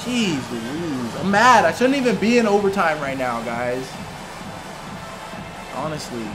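Excitable high-voiced gamer shouting along. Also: male voice, a little slow, background noise. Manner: excitable, emotional, shouts at the game. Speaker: gaming commentator. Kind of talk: live commentary while playing.

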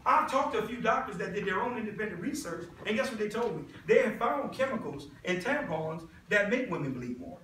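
A bright, high-voiced man pitches a product live to an audience, persuasive and constantly quizzing the crowd. He is picked up from some distance in an echoey room with faint background noise. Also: animated, a little fast, hardly any pauses. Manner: persuasive, addresses the audience with questions. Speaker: product presenter.

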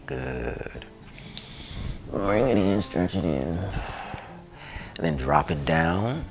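Slow, deep-voiced gravelly yoga teacher. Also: male voice. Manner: relaxed, playful cues with sighs and jokes. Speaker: yoga instructor. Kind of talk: guided yoga class. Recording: music playing behind voice.

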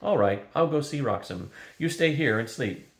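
A man's voice: mid-range voice, lively intonation, moderate pace, lightly acted. An older man voicing an earnest, bold young princess with a firm, slightly raised tone in a roomy-sounding recording. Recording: roomy echo.

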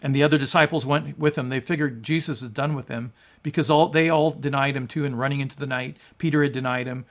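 A male pastor giving a sermon and reading scripture, emphatic and rising to loud peaks on quoted lines. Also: medium pitch, fairly even intonation, fast. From United States.

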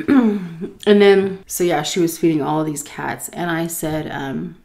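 A woman casually telling a story while eating, animated and swearing freely. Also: sits low, takes it slowly, vocal fry. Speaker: vlogger.

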